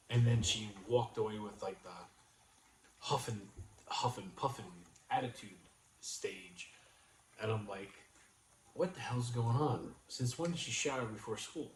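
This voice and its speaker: A man's voice: medium pitch, a little slow. A middle-aged man hosting a casual livestream, telling a story and acting out quoted lines with energy. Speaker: vlog host. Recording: echoey room with faint noise.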